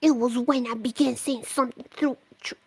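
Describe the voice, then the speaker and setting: A woman reading a listener's letter aloud on a podcast, with expressive delivery, now and then tripping over a word. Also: high-pitched, normal speed, a little hiss or hum, low-quality recording. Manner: expressive reading, slipping up and swearing at her mistakes. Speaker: letter reader.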